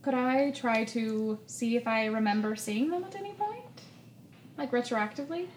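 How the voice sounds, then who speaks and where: A woman's voice: on the high side, moderate pace, recorded from a distance. A woman playing in a tabletop game, chatting in a playful, giggly way. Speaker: player. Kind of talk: casual game chat. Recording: echoey room.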